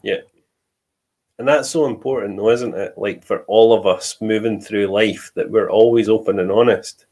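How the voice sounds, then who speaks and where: A man's voice: fairly low pitch, fairly even intonation, normal speed, a little mellow. A man with a Scottish accent telling personal stories in a casual chat, often laughing as he talks. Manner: storytelling, laughs often while talking.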